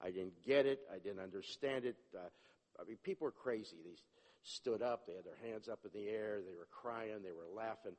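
A man giving a personal testimony, animated and acting out the dialogue, often restarting his sentences. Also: fairly low pitch, normal speed. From Jewish upbringing, not a place. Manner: animated, acts out dialogue, self-interrupting. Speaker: testimony speaker. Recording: long hall reverb.

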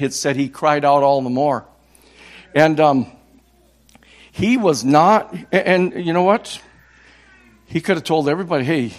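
Preaching with fervor, a sixty-something evangelist from Minnesota circles back on his words and climbs toward loud cries. His pitch is fairly high.

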